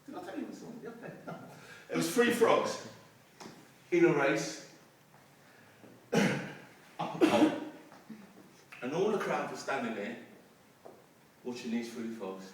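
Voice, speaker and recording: Animated man speaking from far off. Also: fairly high pitch, unhurried, long pauses. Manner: storytelling, animated, acts out crowd voices. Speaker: motivational speaker. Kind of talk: motivational talk to young people. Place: youth centre hall. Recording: distant mic in an echoey room.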